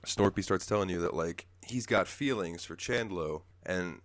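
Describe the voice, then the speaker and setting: A man's voice: low voice, moderate pace, dry recording. A man hosting a casual podcast, telling stories animatedly and slipping into character voices. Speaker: podcast host. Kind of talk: casual chat.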